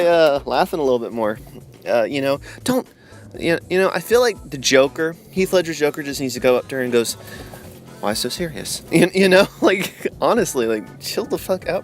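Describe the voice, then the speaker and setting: A man giving a sarcastic, swearing rant about a movie trailer, his voice jumping high and loud when he gets worked up. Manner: voice jumps high and loud in outbursts. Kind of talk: casual rant to camera.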